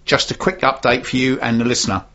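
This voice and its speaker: A man's voice: mid-range voice, level tone, quick pace, sharp tone. A man co-hosting a casual local radio show, joking with his co-host and reading out listener messages. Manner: jokey, reads listener messages aloud. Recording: dull lo-fi radio studio sound.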